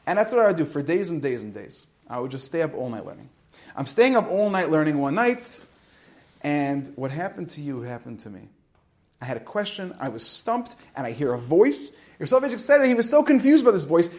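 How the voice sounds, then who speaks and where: Male rabbi, middle-aged, a touch high-pitched, animated storyteller for a student talk. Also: fairly quick. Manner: animated storyteller, swings from loud to hushed. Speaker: rabbi teaching at a yeshiva high school.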